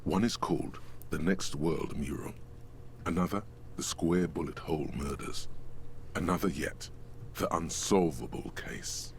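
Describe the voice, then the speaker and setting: A man voicing a game's narrating inner voice, gravelly and measured with a literary way of speaking. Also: rumbling low, slight background noise. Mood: wry. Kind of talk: game narration.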